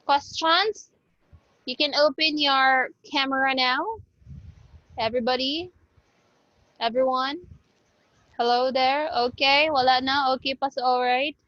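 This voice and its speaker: A woman's voice: high voice, steady tone, measured pace, long pauses, fairly bright tone, dry recording. A woman teacher with a Cebuano Filipino accent gives an online class lecture, switching between English and Cebuano and checking in with her students. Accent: Filipino, Cebuano-speaking. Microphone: video call. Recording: dull lo-fi video call audio.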